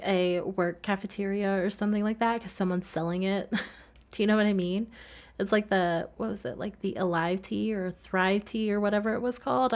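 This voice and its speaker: A woman from the Southern US with a slight nasal twang, speaking softly and quickly in a casual voice-over as she walks through her build, giggling often. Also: medium pitch. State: recovering from a cold. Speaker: Sims builder narrating a speedbuild.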